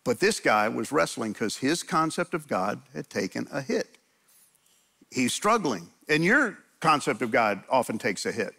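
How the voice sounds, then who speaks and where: A man's voice: medium pitch, big pitch swings, unhurried, gravelly, sharp tone, breathy edge. A man pastor preaching a sermon in a church, conversational and emphatic, often restarting his sentences.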